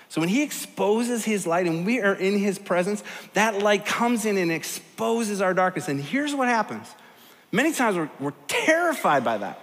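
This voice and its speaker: A middle-aged man preaching a sermon as a pastor, animated and storytelling, swinging from soft to loud. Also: high-pitched. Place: large church hall. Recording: long hall reverb.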